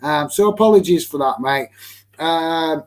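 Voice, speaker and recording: Chatty Lancashire lad reading stream comments. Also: male voice, fairly high pitch, a little slow. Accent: Lancashire English. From Lancashire, England. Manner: chatty, many fillers and restarts, calls viewers mate. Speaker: football watch-along streamer. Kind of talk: casual live-stream chat reading comments.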